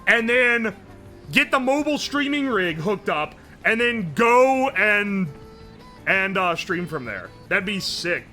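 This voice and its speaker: A young man from West Virginia holds forth on his livestream, loud, profane and quick to joke. His voice sits high and rings very bright and sharp, a little worn from hours of yelling, with faint music playing under him. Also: very animated. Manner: loud, profane, joking, yells a lot. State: sore throat from streaming. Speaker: streamer. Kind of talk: casual livestream chat reading chat.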